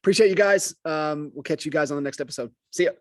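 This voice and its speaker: A man's voice: a little high, fast, background noise. A man hosting a podcast interview, effusive in his thanks and full of ums and you-knows. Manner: effusive with many fillers. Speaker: podcast host. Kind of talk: conversational interview.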